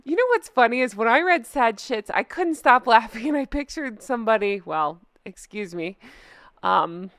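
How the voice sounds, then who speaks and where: A woman's voice: on the high side, expressive, normal speed, fairly bright tone, no echo, clean studio sound. A woman hosting her own online channel, reading comments aloud in a casual, sarcastic way and laughing often. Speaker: YouTube commentary host.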